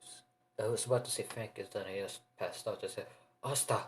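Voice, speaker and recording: A man narrating an improvised fan story in a rambling, halting way, often restarting his sentences. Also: on the low side, fairly even intonation, a little hiss or hum, low-quality recording.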